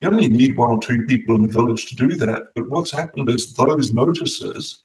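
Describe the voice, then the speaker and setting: A man hosting a discussion who speaks in a measured, reflective way. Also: mid-range voice, a little mellow, recorded from a distance, low-quality recording. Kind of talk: casual discussion.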